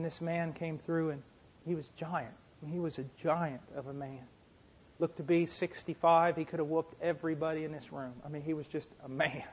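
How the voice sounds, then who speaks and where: Middle-aged male preacher, a little high-pitched, emphatic and repetitive, building to fiery sermon delivery. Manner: impassioned, rising to shouting fervor. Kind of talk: sermon with storytelling.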